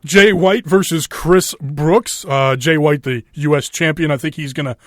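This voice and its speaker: A man's voice: fairly high pitch, unhurried, no echo, studio quality. A man with a Minnesota accent hosting a wrestling podcast, talking in a loose, rambling way full of fillers and swearing. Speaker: podcast host. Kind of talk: casual chat.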